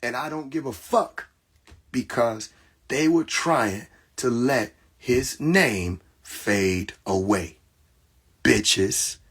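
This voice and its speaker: A young man hosting a casual livestream, talking emphatically with laughter, repetition and profanity, his voice hoarse. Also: mid-range voice, drawn-out words, a bit bright. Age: young adult. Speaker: livestream host. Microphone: phone.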